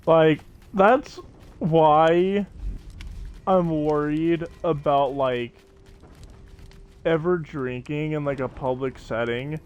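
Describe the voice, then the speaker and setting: A young man with a slightly high, smooth voice and fairly even intonation chats casually to viewers and friends while live-streaming a survival game. A gaming streamer, he rambles from joke to joke and laughs often, and the recording sounds muffled.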